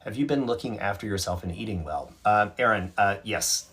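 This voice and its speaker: Husky man chatting live. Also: lowish voice, brisk, fairly bright tone. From North Carolina, USA. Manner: chatty, self-mocking, laughs easily. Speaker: livestream host. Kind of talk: casual live chat, reading out viewer comments.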